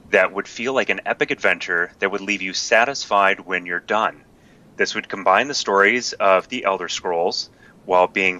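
A man guest-hosting a podcast, reading a listener email aloud in a plain, steady way. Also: on the low side, low-quality recording.

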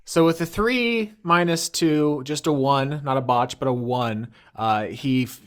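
A man narrating a tabletop game as game master, animated with quick asides. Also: mid-range voice.

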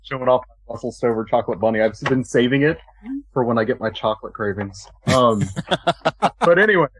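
A man chatting casually about a video game, animated and rambling, often restarting his sentences. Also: medium pitch, fairly quick, slightly rough, dry recording, poor audio. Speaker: podcast guest co-host. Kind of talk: casual gaming chat.

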